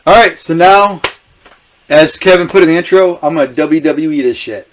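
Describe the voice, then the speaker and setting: A man's voice: a little high, normal speed, a little hiss or hum. A man co-hosting a wrestling podcast in casual chat, retelling stories with lots of quoting. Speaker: podcast co-host.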